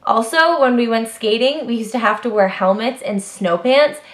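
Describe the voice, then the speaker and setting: A young woman vlogging to her camera, reeling off facts about herself in a chatty, animated way, full of "like" and quick jumps in pitch when she gets emphatic. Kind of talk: casual to-camera list of personal facts.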